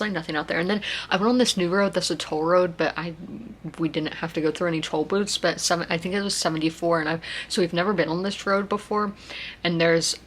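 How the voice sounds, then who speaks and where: A woman's voice: on the low side, creaky, fairly bright tone, slight background noise. A woman, chatting casually in a rambling vlog. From South Carolina. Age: 20s. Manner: rambling, chatty, many fillers and restarts. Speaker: vlogger.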